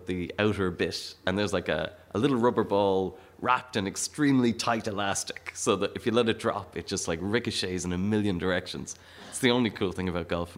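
A man telling a comic story on stage, laughing often and acting out the people in it. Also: fairly low pitch. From Ireland. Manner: animated, laughing often, acting out quoted voices. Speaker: stand-up comedian.

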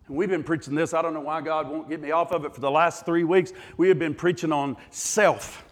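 A man pastor preaching a sermon with an emphatic, repetitive cadence that climbs to shouts. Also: on the high side, fairly even intonation, fairly quick. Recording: long reverb of a large hall.

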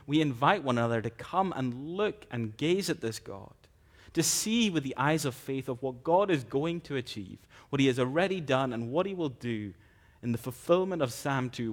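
A man delivers a sermon in an earnest, measured way, at a voice pitched in the middle for a man. He slows down to stress key phrases. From Scotland. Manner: earnest, measured preaching with slow emphatic phrases. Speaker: preacher.

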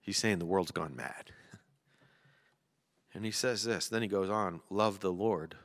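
A man's voice: low-pitched, measured pace, a bit bright. A man preaching a sermon, chatty and joking at times, then reading poetry with emphasis. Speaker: pastor. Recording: long hall reverb.

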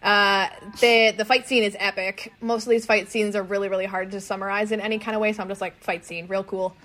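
A woman co-hosting a podcast, casually recapping episodes and acting out characters in quick asides, swearing now and then. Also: medium pitch, little pitch movement, fairly bright tone. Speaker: podcast co-host.

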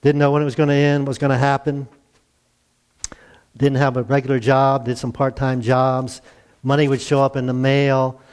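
A man's voice: medium pitch, little pitch movement, moderate pace, darkish tone, clean tone. A man in his sixties preaching a conversational sermon, acting out the dialogue and chuckling now and then.

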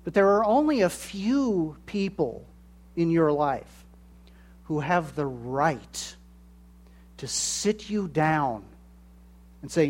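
A man preaching a sermon in a measured way, acting out the voices he quotes. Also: fairly high pitch, expressive, darkish tone. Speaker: pastor.

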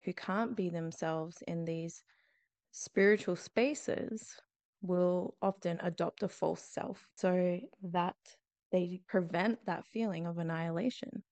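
A woman therapist on a podcast, explaining in a measured, thoughtful way. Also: fairly low pitch, darkish tone, no room sound. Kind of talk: calm explanatory podcast talk.

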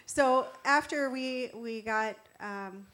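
A middle-aged woman telling a faith testimony in an animated way, acting out the quotes and laughing often. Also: fairly high pitch, slow pace. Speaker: guest sharing testimony. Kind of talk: storytelling testimony.

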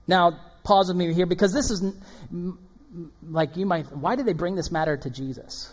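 A man preaching a sermon as pastor, animated and swinging between loud emphasis and hushed asides. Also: sits high, moderate pace. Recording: long hall reverb.

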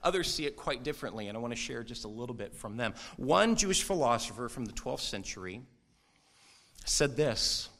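A man preaching a sermon, animated and conversational, with quick asides and brief mock voices for quoted people. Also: mid-range voice. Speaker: pastor.

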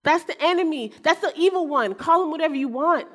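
A woman preacher telling a personal story in a sermon, animated and self-mocking, acting out the people in it. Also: high-pitched, fairly quick. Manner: animated, acts out quotes, self-mocking humor. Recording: long hall reverb.

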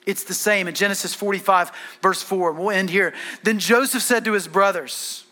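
Male pastor, high bright voice, earnest animated preaching. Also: brisk, few pauses. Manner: earnest and animated, repeats words for emphasis. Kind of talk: sermon.

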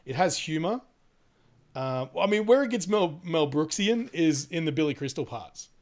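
A man's voice: fairly high pitch, lively intonation, normal speed, a little mellow. Rambling laid-back man chatting. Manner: rambling, laughing, swearing, many fillers. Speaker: podcast co-host. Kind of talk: casual chat.

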